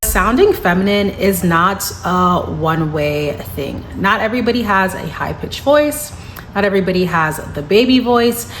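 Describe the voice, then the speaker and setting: Young woman, mid-pitched voice, slow deliberate gentle delivery, advice vlog. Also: lively intonation, faint music behind. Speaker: YouTuber giving femininity advice. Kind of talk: speaking-to-camera advice lesson.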